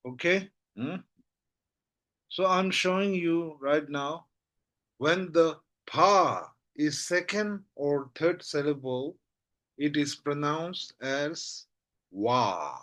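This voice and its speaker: A man teaching a language lesson, repeating syllables slowly and often checking that his listener follows. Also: on the high side, fairly bright tone. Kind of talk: slow spoken lesson.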